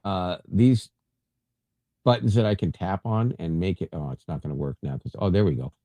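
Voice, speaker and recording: A man's voice: low voice, normal speed, dry recording, narrow, tinny audio. A man hosting a tech podcast in casual chat, rambling and going off on tangents. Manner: rambling, digressive. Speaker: podcast host.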